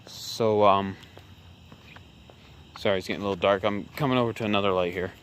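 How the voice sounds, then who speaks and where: A man's voice: on the low side, fairly even intonation, a little fast, fairly bright tone, slight background noise. A man doing casual political commentary in a vlog, rambling and sarcastic, with lots of fillers and restarts, filmed on a handheld camera while he walks around outdoors at dusk. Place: outdoors in a rural area at dusk, moving around.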